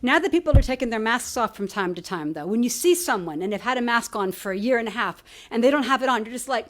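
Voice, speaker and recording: A woman's voice: a little high, lively intonation, fast. A woman hosting a literary event, jokey and playful as she introduces the speakers. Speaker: event host. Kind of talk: casual introduction.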